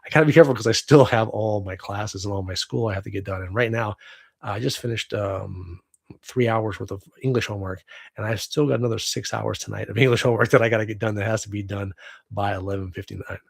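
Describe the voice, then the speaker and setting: A man in his forties from the United States hosts a casual webcam livestream from home, rambling, laughing often, and swearing freely. His fairly low voice is fast, creaky, and husky, on a dry recording.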